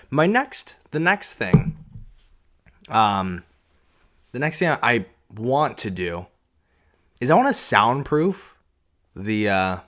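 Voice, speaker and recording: Sitting on a couch in an echoey home room, a man hosts his own podcast into a pop-filtered podcast mic. He speaks at medium pitch with a slightly bright tone, casual and self-deprecating, wandering through fillers and restarted sentences.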